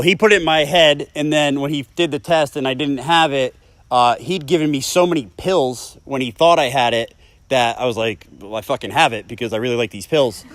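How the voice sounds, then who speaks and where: A man's voice: medium pitch, no room sound. A man in his thirties giving a candid, emotional personal share at a recovery meeting, swearing often as he speaks. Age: 30s. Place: meeting room.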